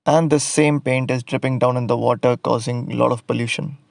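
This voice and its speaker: Male exam tutor, middle pitch, gravelly, patient and explanatory. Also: fairly even intonation, brisk, no echo. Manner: explanatory, step-by-step. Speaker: exam prep instructor. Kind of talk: lesson with a memory story.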